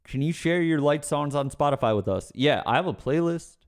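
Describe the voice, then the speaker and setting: A man's voice: a little high, expressive, brisk. A man on a livestream chatting casually with viewers, ranting, swearing and then apologizing with a laugh. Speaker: streamer answering chat questions.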